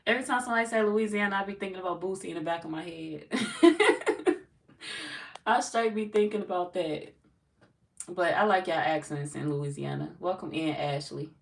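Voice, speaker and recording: Gravelly low-voiced woman chatting live. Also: moderate pace, recorded from a distance. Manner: loose and playful, reads viewer comments aloud, laughs often. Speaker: tarot reader greeting live chat. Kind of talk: casual livestream chat.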